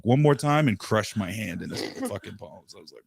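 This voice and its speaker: A man's voice: on the low side, expressive, creaky, breathy edge, no echo. Profane rambling storyteller man. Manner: rambling, profane, does quick impressions of people in stories. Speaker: podcast host. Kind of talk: casual storytelling chat.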